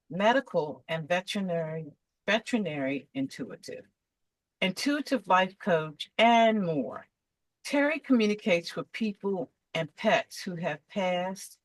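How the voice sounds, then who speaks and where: A woman's voice: fairly low pitch, no echo, poor audio. A woman hosting an interview, introducing her guest in an eager, effusive way. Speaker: interview host. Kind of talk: enthusiastic introduction and chat.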